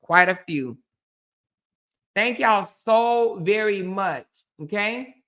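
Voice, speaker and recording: A woman's voice: medium pitch, expressive, takes it slowly, fairly bright tone. A woman hosting a casual live stream, chatty and laughing often as she thanks viewers by name.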